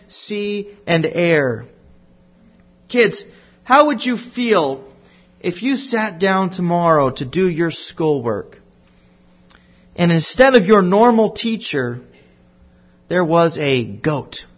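A man teaching a Bible lesson to children, telling it slowly and deliberately with playful asides. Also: sits high, animated, lo-fi sound.

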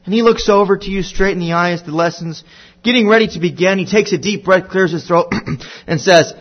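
A man teaching a Bible lesson to children, telling it slowly and deliberately with playful asides. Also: high-pitched, lo-fi sound.

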